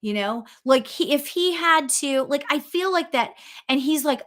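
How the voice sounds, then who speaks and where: A woman working as a medium, giving a chatty, excitable spirit reading full of fillers and restarts. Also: high-pitched, measured pace, few pauses. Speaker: psychic medium. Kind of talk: live spirit reading for viewers.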